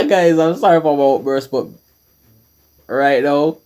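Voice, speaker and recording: A man's voice: medium pitch, darkish tone. A Jamaican man hosting a music reaction video, talking in awed bursts and repeating himself. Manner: slow, awed, repeats words, breaks into exclamations.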